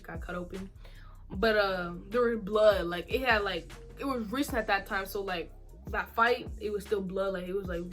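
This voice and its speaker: Bright-voiced young woman telling a story. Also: medium pitch. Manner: animated, slangy, repeats herself for emphasis. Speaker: vlogger. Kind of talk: casual storytime.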